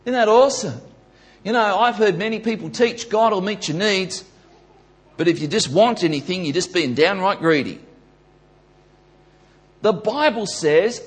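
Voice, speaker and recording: A man preaching a sermon, building to loud emphatic peaks and repeating his key questions. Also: high-pitched, expressive, normal speed. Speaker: pastor.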